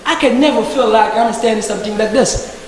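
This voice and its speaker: A man's voice: high voice, fast. Man, emphatic debater, indignant rhetorical questions; very reverberant hall, faint hiss. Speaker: debate participant. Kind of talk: impassioned speech in a discussion group. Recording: very echoey hall with faint background noise.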